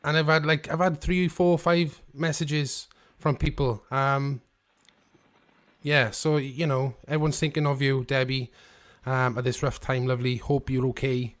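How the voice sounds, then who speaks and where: A British man co-hosting a band podcast over a video call, talking in a relaxed, hesitant way with many pauses. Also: mid-range voice. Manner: relaxed, hesitant, lots of ums. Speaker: podcast co-host. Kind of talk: casual chat.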